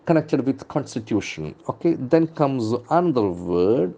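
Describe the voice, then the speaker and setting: A man's voice: mid-range voice, big pitch swings, a little slow, gravelly, warm tone. A man teaching English vocabulary from the newspaper, repeating words and stressing their syllables. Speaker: English trainer.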